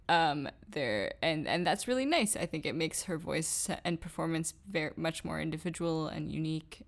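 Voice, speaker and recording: A woman's voice: low-pitched, creaky. An American woman co-hosting a podcast, chatty and self-conscious, full of "like" and "I feel". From United States. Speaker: podcast co-host. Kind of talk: casual music discussion.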